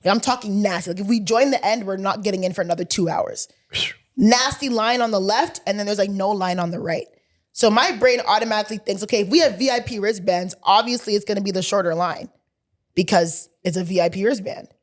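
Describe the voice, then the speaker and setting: Co-hosting a podcast, a young woman tells a story in lively, slang-filled casual chat, performing the dialogue herself. Her voice sits mid-range and she talks a little fast.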